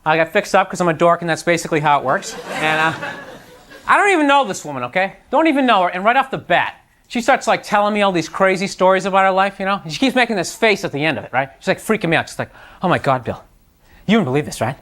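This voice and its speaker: A man's voice: high voice, big pitch swings, fast, a bit bright. A man doing a stand-up routine before a live audience, ranting in a frustrated, exasperated way. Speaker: stand-up comedian. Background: audience laughter.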